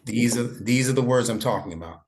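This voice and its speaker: A man's voice: medium pitch, fast, darkish tone. A middle-aged man giving a one-on-one online lesson to a child, patient and coaxing with playful teasing. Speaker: instructor.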